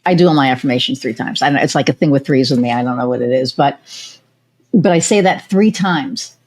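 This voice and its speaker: A middle-aged woman hosting a podcast, telling stories in a lively, chatty way and acting out what others said. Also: a bass voice, a little fast. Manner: animated storytelling, acts out quoted voices. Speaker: podcast host. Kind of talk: casual chat.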